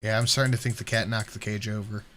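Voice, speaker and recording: A man co-hosting a casual reaction stream, jokey and animated, thanking viewers as he goes. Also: on the low side, fast talker, a little hiss or hum. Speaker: livestream co-host.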